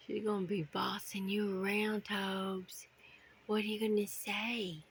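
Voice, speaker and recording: A middle-aged woman talks to her pet birds at an unhurried pace in cooing baby talk, often dropping into soft whispered asides. Her voice has a gravelly edge. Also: mid-range voice, level tone. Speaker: bird owner.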